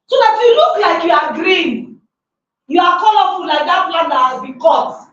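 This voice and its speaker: A high-voiced woman gives a motivational workshop talk, emphatic and quick to throw questions at the room. Her voice comes from well off the microphone, with a lot of room echo. The sound is dull and muffled, with faint noise underneath. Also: lively intonation, a bit bright, far from the mic. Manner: emphatic, with many rhetorical questions. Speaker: workshop speaker. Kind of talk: motivational talk to a live audience.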